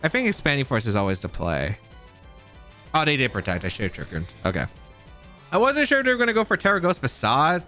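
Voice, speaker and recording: Bright, animated man commentating gameplay. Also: mid-range voice, fast, faint music behind. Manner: thinks aloud, second-guessing plays. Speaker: competitive game player.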